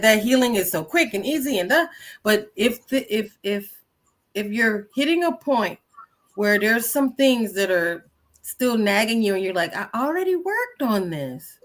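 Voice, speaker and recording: An American woman co-hosting a laid-back spiritual chat podcast. She tells personal stories in an animated way and slips into her own shocked reactions as she goes. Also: mid-range voice. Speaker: podcast co-host.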